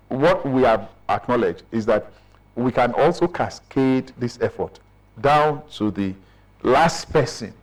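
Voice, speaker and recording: A middle-aged man with a Nigerian accent and a mid-range, creaky voice, heard on a rough recording. He's an official explaining business registration procedures in a radio interview, often checking in with "right?".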